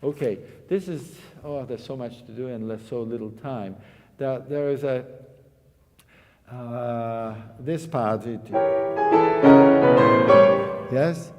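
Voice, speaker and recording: A man's voice: medium pitch, slow. Man coaching piano, singing phrases on syllables. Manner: sings phrases on syllables to demonstrate; repeats words, restarts sentences. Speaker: piano teacher. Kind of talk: master class coaching. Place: concert hall. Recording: reverberant hall with loud piano.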